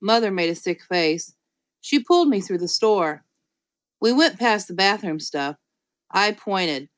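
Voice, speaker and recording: A woman narrating a children's storybook in first person, lively and playful. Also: medium pitch, unhurried, dry recording. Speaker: audiobook reader.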